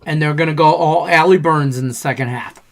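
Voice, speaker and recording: A man co-hosting a casual sports betting podcast, rambling and profane as he tells animated stories. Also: a little high, fairly quick. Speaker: podcast co-host.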